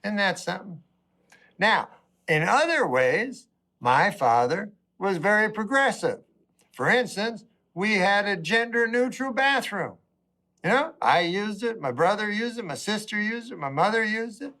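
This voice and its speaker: A middle-aged man doing a stand-up comedy routine, with a deadpan, rambling delivery full of asides. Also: high-pitched, measured pace.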